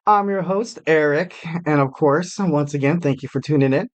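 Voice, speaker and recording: A man's voice: on the high side, normal speed. A man hosting a solo podcast, talking casually in a rambling, self-deprecating way with lots of fillers. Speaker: podcast host.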